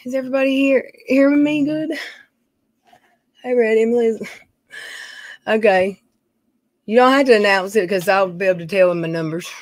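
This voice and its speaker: A woman's voice: a little high, moderate pace, pauses often, no room sound. A middle-aged woman, chatting casually on a home live stream, reading viewer names and talking in a folksy way. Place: dim room at home.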